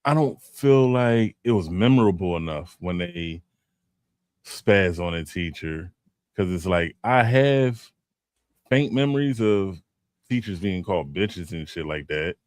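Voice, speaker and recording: Chill young dude, really low voice, dry close sound, casual podcast chat. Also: male voice, expressive, a little slow, a little mellow, no room sound. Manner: laid-back, thinks aloud with fillers.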